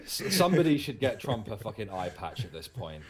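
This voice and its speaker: A man's voice: lowish voice, big pitch swings, brisk. A man appearing as a guest on a livestream, chatting bluntly and crudely. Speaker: show guest. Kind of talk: casual chat.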